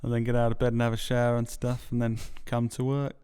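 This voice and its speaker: A man's voice: medium pitch, monotone, quick pace, mellow, smooth. A young man co-hosting a podcast, joking and self-mocking as he wraps up the episode. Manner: jokey, giggly, self-mocking. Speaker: podcast co-host. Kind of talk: casual chat.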